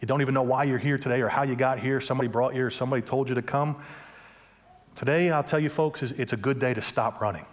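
A man preaching a sermon in a church, telling a story in a relaxed, conversational way with fillers and repeated words. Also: medium pitch, fast. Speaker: pastor.

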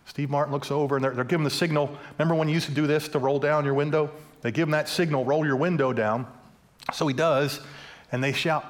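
A man preaching a sermon in a church, telling a story in a relaxed, conversational way with fillers and repeated words. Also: on the high side, fast. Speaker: pastor.

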